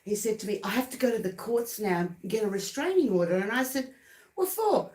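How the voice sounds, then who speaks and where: A woman's voice: medium pitch, fast. A middle-aged Australian woman chatting on a live stream, telling stories and laughing at them. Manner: warm storyteller, laughs at her own stories. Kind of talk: casual live chat. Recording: echoey room.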